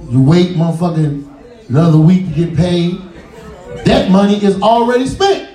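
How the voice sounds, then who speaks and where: Loud profane stand-up comic in a roomy club. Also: male voice, high-pitched, moderate pace. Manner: loud, profane, animated, acts out characters. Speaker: stand-up comedian. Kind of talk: stand-up comedy set. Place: music cafe stage with live audience. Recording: roomy, distant live club recording.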